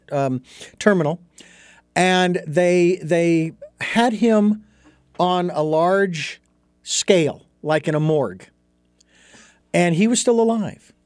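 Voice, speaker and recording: A man's voice: high-pitched, a little mellow, no room sound, studio quality. A man as an interview guest, telling a story and explaining his ideas in an earnest, thoughtful way. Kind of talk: reflective storytelling in conversation.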